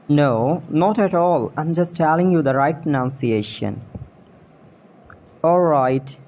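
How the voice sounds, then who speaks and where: A man with a fairly high voice leads a pronunciation drill. He says each word very slowly and deliberately, then repeats it. He patiently points out mispronunciations. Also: animated, darkish tone, a little hiss or hum. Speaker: pronunciation teacher.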